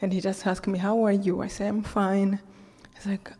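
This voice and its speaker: A woman with a Rwandan accent tells her story from a stage, her mellow voice ringing with the long reverb of a big hall. She acts out the people in her tale and laughs often as she speaks. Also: mid-range voice, level tone, moderate pace, husky. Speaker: author giving a talk. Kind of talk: storytelling talk.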